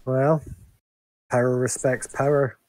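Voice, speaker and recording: A man's voice: medium pitch, little pitch movement, slow pace, darkish tone, no room sound, natural voice, rough recording. A man playing a terse, proud adventurer. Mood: commanding. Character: bold male adventurer, blunt and proud.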